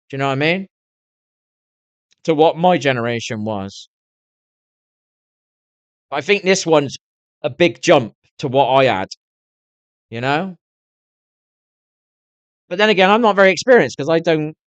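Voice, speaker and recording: A man's voice: on the high side, animated, unhurried, pauses often, dry recording, highs cut off. Man, swearing, rambling live streamer. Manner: swears constantly, rambling and candid. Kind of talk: casual rambling chat to viewers.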